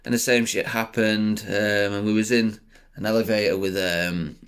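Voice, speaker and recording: A young man doing sit-down comedy, rambling and swearing, laughing at his own jokes and bursting into loud high outbursts. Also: flat delivery, moderate pace, smooth. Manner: rambling, swearing, many fillers.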